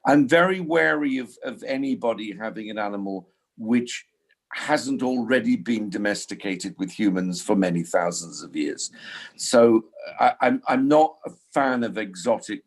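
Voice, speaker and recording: A man's voice: on the low side, animated, moderate pace. A man in his sixties, chatting casually as a guest and rambling with frequent restarts. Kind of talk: casual conversation.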